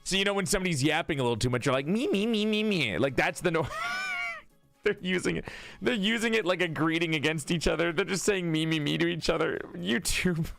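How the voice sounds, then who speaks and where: A man's voice: fairly high pitch, brisk, vocal fry, a bit bright, no echo, faint music behind. A man chatting casually on a live stream while playing a tabletop game, laughing often and talking to his viewers.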